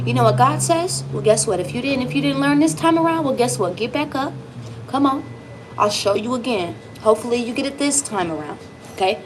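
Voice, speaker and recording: A woman's voice: sits high, slight background noise, poor audio. A woman giving a tarot reading straight to her viewer, emphatic and reassuring, swearing casually as she goes. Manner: lively, emphatic, swearing, speaks directly to the viewer. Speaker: tarot reader.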